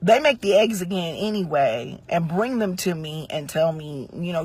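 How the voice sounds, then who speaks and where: A woman's voice: on the low side, lively intonation, moderate pace, few pauses, husky. A middle-aged woman from Central Ohio telling a storytime rant, acting out the lines of each person in the story. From Central Ohio, United States. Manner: conversational storytelling acting out quoted dialogue. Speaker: vlogger.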